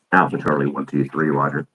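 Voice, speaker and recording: Deep voiced guy hosting his own stream, rambles and laughs a lot, talking into a desk mic. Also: a bit bright, slight background noise, rough recording. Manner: rambling, chuckles often. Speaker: podcast host. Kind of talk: casual live-stream chat. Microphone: desk microphone.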